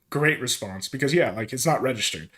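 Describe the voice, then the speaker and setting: A man's voice: medium pitch, lively intonation, normal speed, sharp tone, breathy edge. Amused man giving casual reaction commentary. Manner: amused, loose, laughs often. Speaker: streamer commenting on a call-in show.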